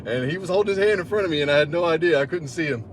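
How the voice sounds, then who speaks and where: A man's voice: fairly high pitch, animated, racing, a little hiss or hum, pitched above the performer's own voice, lightly acted. A man putting on a courteous nearly blind old man. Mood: cheerful. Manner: courteous, apologetic, breezy.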